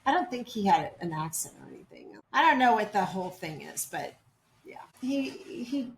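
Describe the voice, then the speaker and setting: A woman's voice: mid-range voice, very animated, moderate pace, echoey room, slight background noise. A woman running a casual tarot channeling session, asking spirits questions and reporting their answers. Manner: chatty, asks questions then reports answers.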